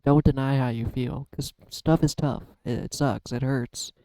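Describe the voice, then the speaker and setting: A man speaks openly to his viewers while holding back tears, often trailing off and restarting. His voice is smooth and mellow with a fairly flat melody. The sound is close and dry. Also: mid-range voice, a little slow, no room sound, poor audio. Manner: emotional, searching, trails off and restarts. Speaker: YouTube card-reading vlogger. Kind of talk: heartfelt personal talk to camera.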